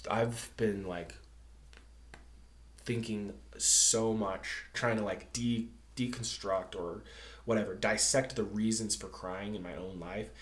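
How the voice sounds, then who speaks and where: A man co-hosting a casual podcast, speaking openly and haltingly about personal feelings, often restarting and laughing between thoughts. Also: fairly low pitch, steady tone, echoey room. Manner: open, searching, restarts often, laughs while talking. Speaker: podcast co-host. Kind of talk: casual chat.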